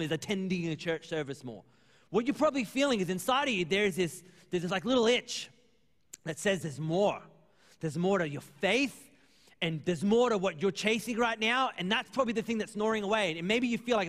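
A man's voice: high-pitched, a bit bright, long reverb tail. A man preaching a sermon as pastor, earnest and conversational, acting out little exchanges with churchgoers. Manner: conversational, earnest, acts out dialogue.

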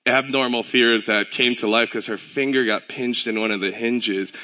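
Bright-voiced man preaching casually. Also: mid-range voice, normal speed. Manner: relaxed storytelling with filler words and self-corrections; animated, acts out quoted voices. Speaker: pastor. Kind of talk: casual conversational sermon.

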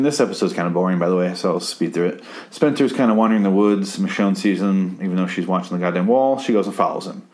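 A young man rambling through a sarcastic, profane recap of a TV episode. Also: low voice. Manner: rambling, sarcastic, swears a lot.

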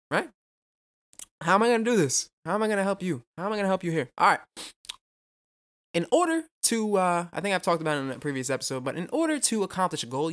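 A young man hosting a solo podcast, talking fast and casually with a lot of swearing, rambling off on tangents and throwing in self-mocking jokes. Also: high-pitched, a bit bright. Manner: rambling, profane, goes off on tangents; jokey, self-mocking asides. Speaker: podcast host.

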